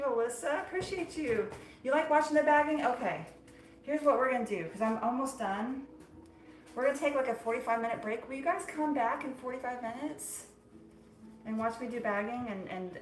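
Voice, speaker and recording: A woman hosting a casual live stream while making marshmallows, chatty and playful and quick to laugh. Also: sits high. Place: small home studio kitchen. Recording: echoey room.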